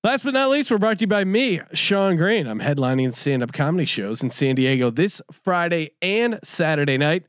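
Brash, high-voiced man hosting a podcast. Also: very animated, moderate pace, hardly any pauses, no echo. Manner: brash, hyped, joking. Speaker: podcast co-host. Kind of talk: sports betting podcast banter with ad reads.

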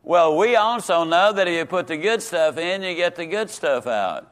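A man teaching a Sunday school lesson in a folksy, emphatic way, slowing down and repeating words for stress. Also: sits high, lively intonation, fairly bright tone.

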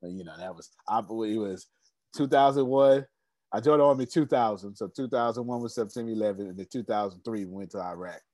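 A man's voice: on the low side, fairly quick, darkish tone, no room sound. Emphatic man hosting a coaching call. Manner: emphatic, repetitive, laughs often, hypes the group. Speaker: host of an online business coaching meeting. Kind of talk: lively group video-call coaching.

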